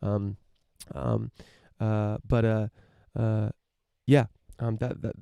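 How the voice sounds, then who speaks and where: A man hosts his podcast in a loose, rambling monologue, stumbling through fillers and restarts and swearing casually. His voice sits low, with a gravelly edge and a dark, mellow tone. The sound is dry and close, with no room around it. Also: little pitch movement, slow pace, dry recording, dull audio. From United States. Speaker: podcast host.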